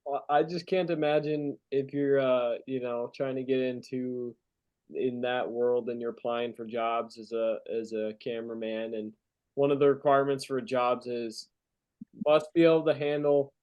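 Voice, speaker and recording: Measured, musing podcast man. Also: medium pitch, steady tone, clear, resonant tone, muffled recording. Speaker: podcast co-host. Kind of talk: casual review chat.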